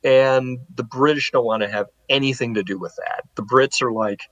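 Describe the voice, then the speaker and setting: A man speaking as a guest historian, recounting history in a loose, conversational way. He tells it with animation and slips in paraphrased remarks from the people involved. His voice is mid-pitched and the sound is dry and close, with no room echo. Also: moderate pace, highs cut off. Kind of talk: casual spoken history storytelling.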